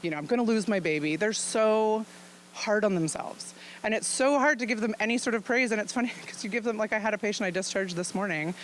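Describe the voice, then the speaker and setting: A woman's voice: mid-range voice, a little fast, slight background noise, poor audio. A woman physician giving an informal talk to an audience. She speaks frankly and chattily and laughs often as she explains things. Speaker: physician presenting at a luncheon.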